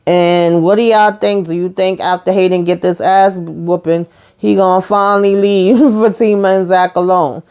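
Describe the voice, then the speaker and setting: A woman hosting her own channel, giving a casual, animated recap of a TV episode in slangy talk aimed straight at her viewers. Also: fairly low pitch, moderate pace, smooth.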